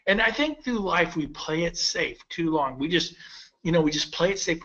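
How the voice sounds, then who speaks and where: A man in his fifties giving a persuasive sales pitch to real estate agents, telling stories with quoted dialogue. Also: lively intonation, normal speed, fairly bright tone, muffled recording. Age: 50s.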